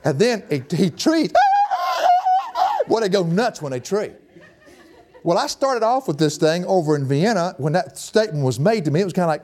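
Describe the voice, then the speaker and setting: A male preacher delivers a sermon in a folksy, emphatic manner. His voice sits slightly high for a man yet sounds mellow and warm. He keeps the delivery lively and animated. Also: normal speed.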